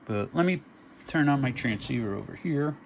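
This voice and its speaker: A man's voice: medium pitch, animated, normal speed, gravelly, slight background noise. A man casually demonstrating a radio, talking through his settings and counting test words into the mic. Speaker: radio equipment reviewer. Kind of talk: casual demo talk.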